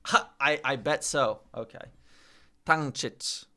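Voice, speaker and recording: A man's voice: medium pitch, lively intonation, unhurried, bright, forceful tone. A man live-streaming as he practises a language, chatting casually, reading the chat aloud and repeating sounds over and over. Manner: reads chat aloud, chatty and self-mocking.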